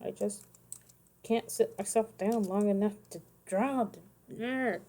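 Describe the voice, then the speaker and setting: Woman in her thirties, tired casual streamer, rambling chatty delivery, mellow middling voice. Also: medium pitch, unhurried. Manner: rambling, self-correcting, chatty asides. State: tired, yawning. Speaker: streamer making custom cards. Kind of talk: casual livestream chat.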